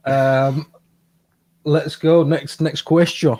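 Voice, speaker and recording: A man's voice: fairly high pitch, little pitch movement, extremely slow, mellow. Hesitant man co-hosting a podcast. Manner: hesitant, filler-heavy, laughs often. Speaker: podcast co-host. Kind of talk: casual advice podcast chat. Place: studio.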